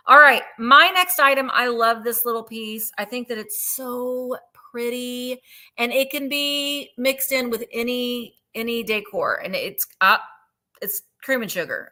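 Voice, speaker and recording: A woman running a live vintage sale, chatting warmly about each item and counting down bids. Her voice sits a little high and rings bright and forward. She gushes readily and talks in loose, rambling sentences. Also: measured pace. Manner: chatty, gushing over items, counts down bids. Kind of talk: live online sales chat.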